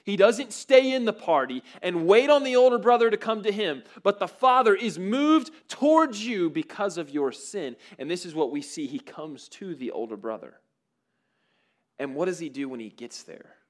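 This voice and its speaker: Guy giving a sermon, kinda high voice, super conversational, lots of "like" and restarts. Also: lively intonation, normal speed. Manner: conversational, many fillers and restarts. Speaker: preacher.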